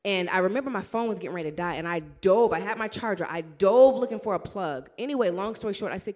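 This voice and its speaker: A woman telling a personal faith story in casual chat, animated and quick, acting out the voices of people in it. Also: mid-range voice. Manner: animated, breathless storytelling with quoted dialogue. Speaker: guest sharing a testimony.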